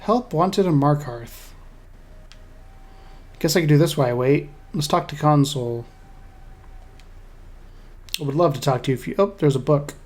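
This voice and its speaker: Let's play host, loose chatty commentary, mid-pitched voice. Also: moderate pace, long pauses, darkish tone. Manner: chatty, talks to self and the game. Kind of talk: casual gameplay commentary.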